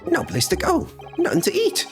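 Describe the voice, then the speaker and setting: A man voicing a boisterous, lavish, wealthy Irish gentleman in a put-on Irish accent while reading game dialogue aloud, booming and sing-song. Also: huge pitch swings, normal speed, gravelly, faint music behind, heavily acted. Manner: booming and sing-song, with sudden high leaps.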